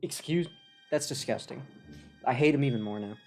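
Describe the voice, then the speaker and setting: A man streaming a game live, commenting excitedly and in mock outrage as he talks to his chat. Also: medium pitch, brisk. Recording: game music behind voice. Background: game music.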